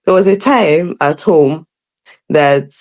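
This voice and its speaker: A young woman, a podcast guest telling animated, laughing stories from her childhood. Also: sits low, slow pace. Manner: lively, laughing, animated storyteller. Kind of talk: casual storytelling chat.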